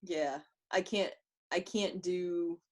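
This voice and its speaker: A woman's voice: lowish voice, fairly even intonation, takes it slowly, a little mellow. A woman co-hosting a podcast over a video call, telling stories in a chatty, casual way. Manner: chatty storyteller. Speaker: podcast co-host. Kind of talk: casual chat.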